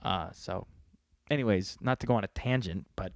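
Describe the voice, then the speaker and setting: A man's voice: low-pitched, unhurried, no room sound, clean studio sound. A man from New York hosting a podcast, talking in a rambling, profane, joking casual monologue. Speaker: podcast host.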